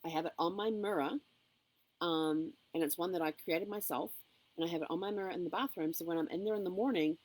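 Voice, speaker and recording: A woman's voice: deep voice, a little mellow, no room sound, low-quality recording. A woman giving an upbeat, encouraging motivational vlog to camera, with frequent ums. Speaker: motivational vlogger. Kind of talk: casual motivational talk to camera.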